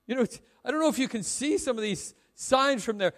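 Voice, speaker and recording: A high-pitched male pastor preaches in a church sanctuary, his voice trailing off into a long hall reverb. He stumbles and repeats his opening words, builds to ringing calls, and then sinks to a near-hushed tone. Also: normal speed, few pauses. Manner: stammering restarts, rising to shouts then dropping to hushed prayer. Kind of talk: sermon.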